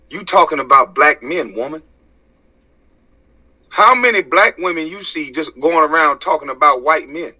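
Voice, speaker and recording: A slightly high, pushed and bright voice belongs to an American man who works as a social media commentator. He rants to camera with heat and profanity, preaching and peppering rhetorical questions. Sound quality is dull and lo-fi.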